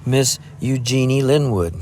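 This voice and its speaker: A man's voice: medium pitch, a little slow, darkish tone, a little hiss or hum, voice pushed up, natural voice. A man voicing a kindly, bantering grown man in a storybook reading. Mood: genial. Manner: genial and bantering.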